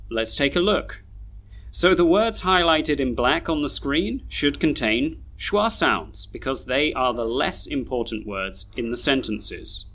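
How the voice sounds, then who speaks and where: A man narrating a pronunciation lesson as teacher, speaking deliberately and repeating example sentences. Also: mid-range voice, a bit bright. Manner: slow, deliberate, reads example sentences twice.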